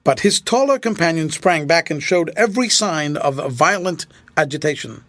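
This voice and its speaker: A man narrates a classic mystery novel with a higher, lively voice that rises and falls a great deal. The read is close and dry, with no room echo at all. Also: moderate pace. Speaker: audiobook narrator.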